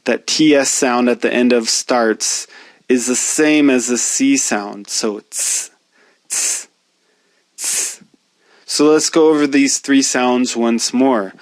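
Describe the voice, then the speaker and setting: A man teaching a pronunciation lesson, speaking slowly and deliberately as he demonstrates each sound. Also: mid-range voice, dry recording. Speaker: language teacher.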